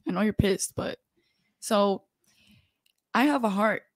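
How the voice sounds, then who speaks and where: A woman's voice: mid-range voice, takes it slowly, no echo. A woman speaking as a podcast guest, hesitant and defensive while earnestly explaining herself. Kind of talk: podcast debate.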